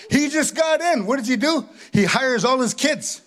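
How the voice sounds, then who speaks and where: A man's voice: extremely high pitch, expressive, moderate pace, a bit bright. A middle-aged man performing a chatty, self-mocking stand-up comedy set, tagging his lines with "eh". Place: live stage before an audience.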